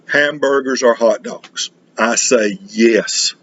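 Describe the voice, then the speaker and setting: A middle-aged man from North Carolina, chatting casually on his record vlog in a halting, rambling way full of restarts. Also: mid-range voice, a bit bright, muffled recording. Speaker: record collecting vlogger. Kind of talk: casual chat.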